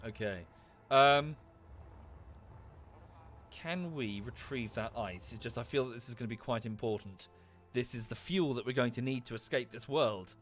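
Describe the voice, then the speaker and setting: A male streamer with an Estuary English accent chats casually through gameplay, thinking aloud and thanking viewers by name. His voice is medium-pitched and a little bright, at a normal speed, with faint music in the background.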